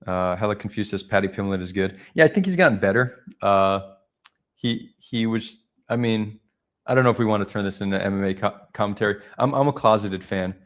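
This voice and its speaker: Low-voiced man hosting a live stream. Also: a little fast. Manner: rambling, reflective, chatty with viewers. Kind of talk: casual live-stream commentary.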